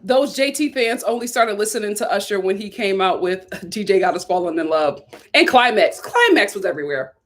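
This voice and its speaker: A young woman from Philadelphia hosting a live stream, reading viewer comments with sassy, animated chat and frequent laughter. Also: medium pitch, brisk.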